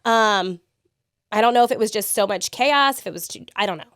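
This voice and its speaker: A woman in her thirties, speaking as a podcast guest, in a voice of ordinary pitch. She walks through events point by point and voices the lines of others as she goes. The recording is close and dry, with no room sound. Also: a little fast, fairly bright tone, smooth, dry recording. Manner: vivid step-by-step recounting, acting out quotes. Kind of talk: interview storytelling.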